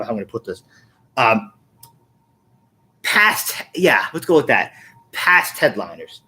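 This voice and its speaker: A man hosting a casual podcast chat at an ordinary middle pitch. He rambles and halts, often repeating words as he works out what to say. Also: pushed and bright. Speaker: podcast host.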